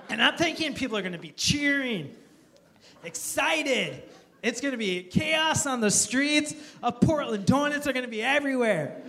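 A male pastor preaching a sermon, telling stories with lively, self-mocking humor and earnest emphasis. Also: very high voice, unhurried.

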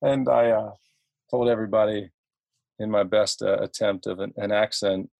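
A man's voice: lowish voice, flat delivery, moderate pace, vocal fry, darkish tone, no room sound. A man from Ohio, a podcast guest telling stories in a chatty way, laughing often and restarting his sentences. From Ohio, United States. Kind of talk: casual storytelling.

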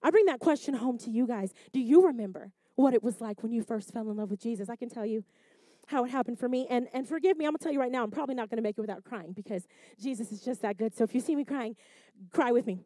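Woman preacher, high and mellow, close dry sound, passionate sermon delivery with strong rises and soft drops. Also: fast, dry recording. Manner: rises to loud emphatic repetition, drops to soft reflective asides.

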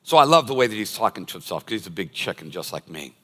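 A man's voice: on the low side, big pitch swings, fast talker, pushed and bright. An older man preaching a sermon as a pastor, telling stories and acting out everyday scenes. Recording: long reverb of a large hall.

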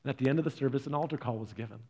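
A man preaching a sermon, telling stories earnestly, swinging from loud stresses to soft, hushed lines. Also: mid-range voice, racing, husky. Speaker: pastor.

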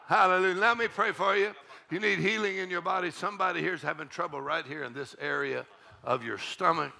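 A man preaching a charismatic sermon in a church, exuberant, shouting, whooping and leading the congregation in laughter. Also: sits high, brisk, creaky. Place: church sanctuary.

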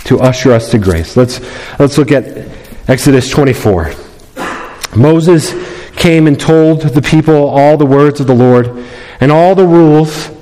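A male pastor with a fairly high, dark-toned voice preaches a sermon in a large hall with long reverb. He is emphatic, often repeats key phrases, and acts out the voices of people in the story.

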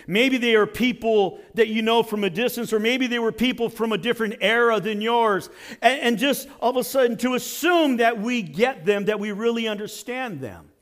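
A male pastor delivering a sermon to his congregation and podcast listeners. His voice sits notably high for a man, and he preaches with rhetorical questions and dramatic emphasis. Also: moderate pace, a bit bright.

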